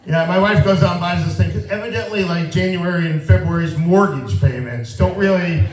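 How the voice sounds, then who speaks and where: A man performs a stand-up set in a relaxed, self-deprecating way, with a voice pitched a little high. The sound carries the boom of a live room, caught from well back from the mic. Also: brisk. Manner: self-deprecating, conversational, animated when quoting himself. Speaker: stand-up comedian. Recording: roomy live venue, mic heard from a distance. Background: audience laughter.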